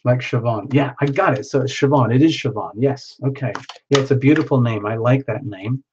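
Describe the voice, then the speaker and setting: Man, live tarot reader, rambling chat, medium pitch, muffled stream sound. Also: a little fast, darkish tone, slight background noise. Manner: chatty, rambling, reading out viewers' names.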